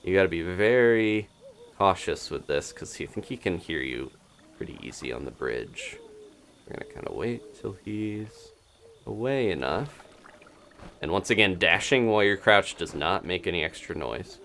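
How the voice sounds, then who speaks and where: A man's voice: sits low, expressive, normal speed, a bit bright, slight background noise. A man streaming gameplay live, chatting casually to viewers and laughing often as he plays. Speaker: game streamer.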